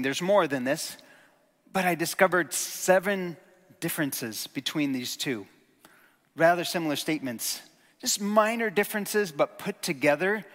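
Male preacher, slightly high voice, chatty teaching sermon, long hall echo. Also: a bit bright. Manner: conversational teaching, enthusiastic asides. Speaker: pastor. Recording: reverberant hall.

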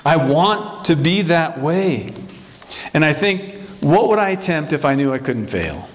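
A man's voice: a little high, big pitch swings, unhurried. A pastor in his sixties preaching a sermon, emphatic, with rhetorical questions and repeated words. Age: 60s.

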